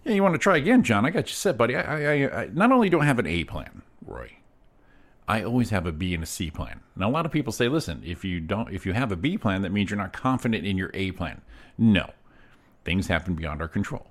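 Animated deep-voiced male morning show host. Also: fast talker. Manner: upbeat, animated, laughs often. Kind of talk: casual chat.

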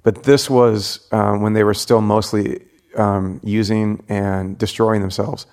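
A man's voice: fairly low pitch, little pitch movement, unhurried, darkish tone. A man who is a pastor, hosting a casual interview, talking reflectively with many fillers and restarts. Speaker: pastor and podcast host.

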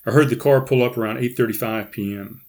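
A man, host of a podcast, reading his own memoir chapter aloud with dramatic dialogue and quiet offhand asides. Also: fast. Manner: animated, pitch jumps up in quoted dialogue, quiet asides.

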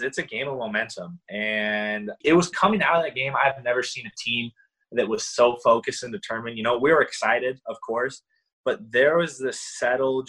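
A young man, a former college baseball player, telling stories in an interview in an animated, excitable way, full of "like" and "you know". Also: medium pitch, poor audio. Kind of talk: casual interview storytelling.

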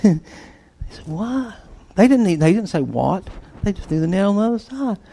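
A notably high-voiced man preaches a storytelling sermon a little fast, his force swinging widely. He jumps to loud bursts, then sinks into hushed lines close to a whisper.

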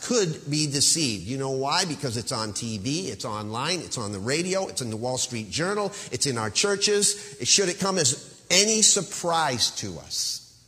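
A man's voice: fairly high pitch, pushed and bright, long reverb tail. A male pastor preaching an earnest, emphatic sermon with a warning tone.

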